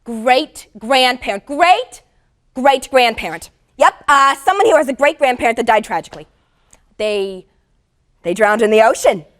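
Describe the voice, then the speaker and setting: A woman playing a scatterbrained fake psychic who guesses hesitantly, with fillers and throat clearing, in a comedy sketch. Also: fairly high pitch, expressive, moderate pace, close to an everyday voice. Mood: flustered. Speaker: guest psychic.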